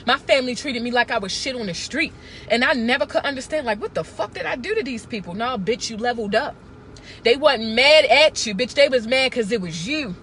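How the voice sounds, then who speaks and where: A woman's voice: on the high side, animated, a little fast, a bit bright, slight background noise. A woman, talking to camera in a blunt, profane, emphatic casual rant. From Baltimore. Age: 30s. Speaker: vlogger.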